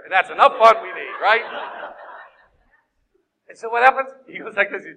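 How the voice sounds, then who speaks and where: High, bright-voiced man preaching animatedly. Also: animated, normal speed, creaky, rough recording. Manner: acts out scenes with shouted voices. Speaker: guest preacher. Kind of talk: animated sermon.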